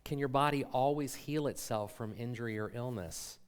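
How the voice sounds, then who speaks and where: Middle-aged male pastor, mid-pitched voice, relaxed conversational sermon delivery with rhetorical questions. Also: moderate pace, smooth. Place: church sanctuary.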